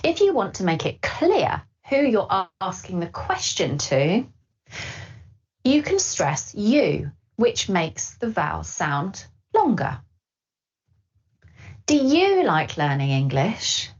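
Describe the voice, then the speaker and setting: A woman teaching English pronunciation in scripted narration, speaking slowly and clearly and modelling phrases for learners. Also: mid-range voice. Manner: slow, clear, lively intonation with model phrases. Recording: slightly dull lo-fi audio.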